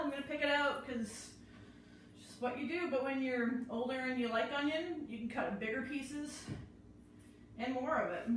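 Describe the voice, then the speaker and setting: A woman's voice: high voice, normal speed, a little hiss or hum. A woman hosting a live cooking class, chatting her way through each step as she chops and prepares food in a kitchen. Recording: very echoey room, mic far off.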